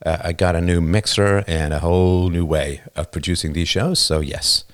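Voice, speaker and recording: A livestream host with a notably low voice and steady tone speaks into a new studio microphone. His off-the-cuff monologue is emphatic and punchy, and he keeps checking in with a quick "right?"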